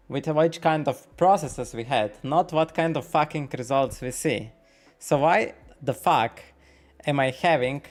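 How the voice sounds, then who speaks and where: A male poker streamer with a somewhat high-pitched voice, thinking aloud through every hand. He swears freely and keeps asking himself why he feels nervous while he chats with viewers. Soft music plays faintly underneath. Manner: thinks out loud about hands, swears often, questions his own nerves. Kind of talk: live-stream commentary while playing.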